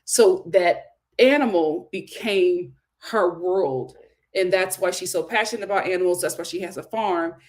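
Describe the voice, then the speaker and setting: A woman's voice: on the low side, normal speed, darkish tone. A woman hosting a casual reality TV recap, emphatic and exclamatory, who repeats phrases for effect.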